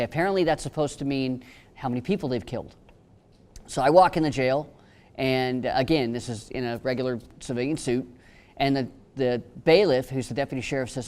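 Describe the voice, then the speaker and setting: A man speaking on a panel, telling wry stories and cracking jokes about his work. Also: medium pitch. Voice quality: joking, storytelling. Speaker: panelist, attorney. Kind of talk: humorous panel talk.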